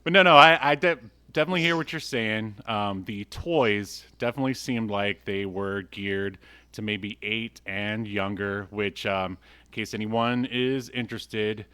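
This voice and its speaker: A man hosting a podcast in casual chat, relaxed and chuckling, rambling through his points. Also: lowish voice, unhurried, clean tone. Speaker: podcast host.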